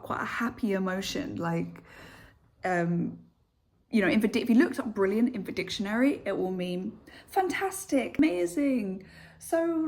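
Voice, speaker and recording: Young woman, British accent, casual vlog, mellow warm voice, playful, animated. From United Kingdom. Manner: animated, playful, jumps high in pitch for emphasis. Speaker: vlogger and English teacher. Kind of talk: casual talking-to-camera vlog.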